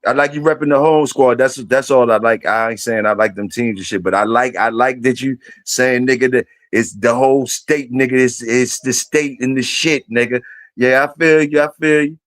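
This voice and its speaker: A man's voice: medium pitch, normal speed, dry recording. Rambling, profane man on a live stream. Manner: loose, rambling, profane, asks viewers questions. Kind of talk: casual live-stream chat with viewers.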